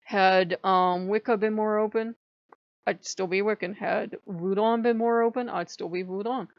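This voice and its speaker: A woman's voice: medium pitch, fairly even intonation, normal speed, no echo, muffled recording. A tired woman talking late at night in a rambling, candid vlog monologue, self-mocking and swearing now and then. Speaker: pagan spiritual vlogger. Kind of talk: casual spiritual vlog monologue.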